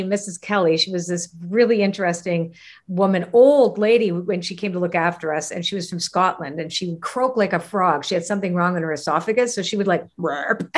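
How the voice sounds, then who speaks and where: A woman from Canada, a guest in an interview, telling stories from her childhood in an animated way, often laughing and acting out the people she quotes. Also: medium pitch. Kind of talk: personal storytelling in conversation.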